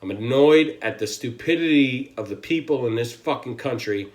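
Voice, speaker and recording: A man's voice: medium pitch, lively intonation, moderate pace, fairly bright tone. An American man ranting to camera on his channel, angry, emphatic and swearing constantly. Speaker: channel host. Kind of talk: political rant to camera.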